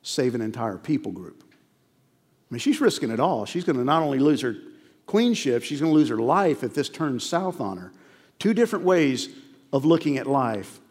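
A man's voice: medium pitch, very animated, moderate pace, a little mellow. A male pastor preaching a sermon, earnest and emphatic, repeating key phrases and telling stories to make his point. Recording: long reverb of a large hall.

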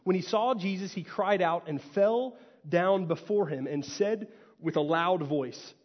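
Male pastor from Texas, animated sermon storyteller, slightly muffled hall sound. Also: sits high, a little slow. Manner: animated storytelling, acts out quotes, rhetorical "right?". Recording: hall reverb, dull lo-fi sound.

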